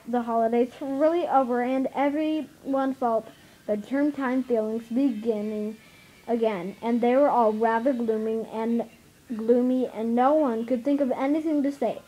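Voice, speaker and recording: Woman reading a kids' book out loud, high voice, keeps tripping and restarting. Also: muffled recording. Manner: halting, with many stumbles and restarts. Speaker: reader. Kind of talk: reading a children's novel aloud.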